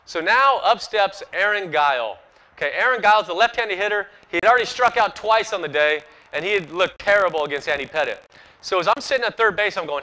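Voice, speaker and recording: A man in his forties spins a story for an audience at an outdoor ballpark, his voice pitched fairly high and bright. He acts out the other people's lines and laughs at himself as he goes, rising and falling with the tale. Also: animated, a little fast, rough recording. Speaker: former pro baseball player speaking at an event.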